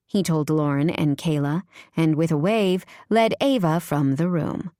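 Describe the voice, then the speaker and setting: Woman with a low, dry reading voice. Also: a little slow, a little mellow, no room sound. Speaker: audiobook narrator. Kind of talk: scripted narration.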